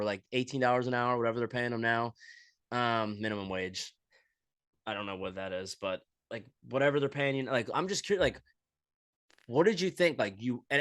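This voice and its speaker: A man hosting a podcast with a crude, animated comedic ramble, acting out little scenes as he goes. His voice is bright and forward. It is recorded close and dry, with no room sound. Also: medium pitch, no room sound. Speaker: podcast host. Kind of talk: casual comedic monologue.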